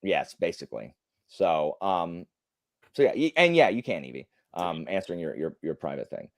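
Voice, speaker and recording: Animated young man rambling on a livestream. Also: low voice, moderate pace, no echo, clean studio sound. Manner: rambling, animated storytelling with many fillers. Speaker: livestream host. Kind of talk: casual chat.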